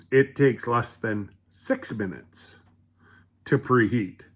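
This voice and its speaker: A man's voice: mid-range voice, very animated, extremely slow. A man casually rambling through a home cooking vlog, chatty and full of fillers, restarts and asides.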